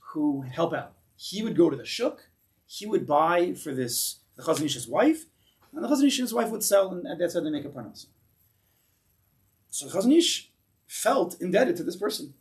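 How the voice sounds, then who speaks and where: Man, rabbi, synagogue class, lively storytelling, fairly high voice, a bit distant from the mic. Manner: animated storyteller, acts out voices with big pitch jumps; frequent restarts and asides. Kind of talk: informal Torah class. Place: synagogue hall.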